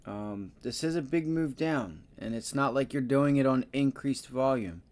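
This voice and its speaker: A man's voice: medium pitch, moderate pace. Chatty man hosting a trading stream. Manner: chatty, loose, hyped shout-outs to viewers. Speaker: day-trading livestream host. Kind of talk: casual live commentary.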